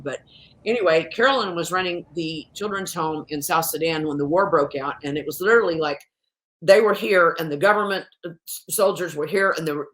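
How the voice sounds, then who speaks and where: A woman in her sixties, a guest on a video call, telling stories with an emphatic, evangelical fervor. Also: on the low side. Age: 60s. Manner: animated storyteller, evangelical and emphatic. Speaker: guest, documentary producer. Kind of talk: interview over video call.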